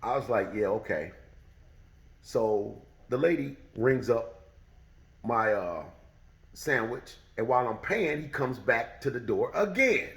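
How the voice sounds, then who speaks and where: A middle-aged man telling a true story in a casual, animated way, acting out the voices of the people in it. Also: medium pitch, slow, gravelly, reverberant, poor audio.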